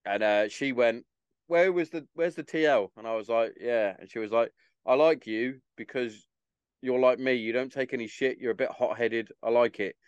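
A man telling a sweary, lively anecdote in a casual chat. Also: medium pitch, normal speed, smooth, no echo, lo-fi sound.

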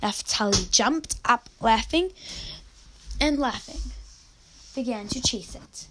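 Woman, children's story read aloud, expressive, somewhat high voice, faint hiss behind. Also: takes it slowly, poor audio.

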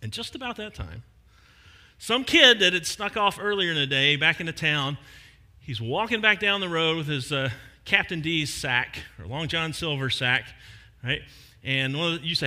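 A man's voice: on the high side, lively intonation, normal speed, pushed and bright. A man preaching a sermon as a pastor, retelling a story with acted voices and a casual, joking delivery.

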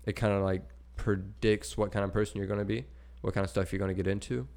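Low-voiced laid-back young podcast host. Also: male voice, flat delivery, fast talker, a little mellow. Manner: laid-back, explains topics loosely. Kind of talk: casual chat.

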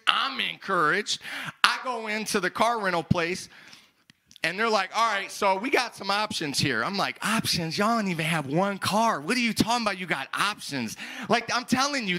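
A young male pastor telling a story in a sermon, acting out dialogue with loud, animated outbursts. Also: sits high.

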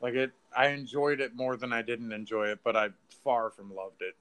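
A man co-hosting a podcast, chatting casually about a film, swearing freely and acting out lines in a high mocking voice. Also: flat delivery, moderate pace, fairly bright tone, clear, resonant tone. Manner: loose, profane, acts out lines in a high mocking voice. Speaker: podcast co-host. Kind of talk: casual movie review chat.

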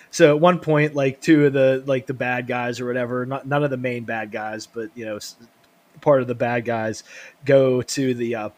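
A man co-hosting a podcast, retelling movie scenes casually, laughing often and acting out the characters' lines. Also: mid-range voice. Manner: laughs a lot, acts out lines in funny voices. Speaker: podcast co-host.

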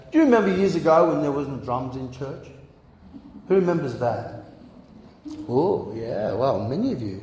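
A pastor preaching a sermon in a lively, conversational way, often repeating words as he goes. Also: a little high, a little hiss or hum. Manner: animated, conversational, repeats words and acts out quotes. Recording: echoey hall with long reverb.

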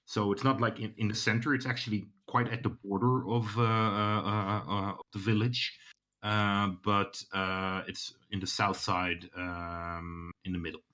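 Guy GMing a tabletop game, lowish bright voice, lots of uhs and restarts. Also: flat delivery, measured pace. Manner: hesitant, many fillers and restarts. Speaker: game master.

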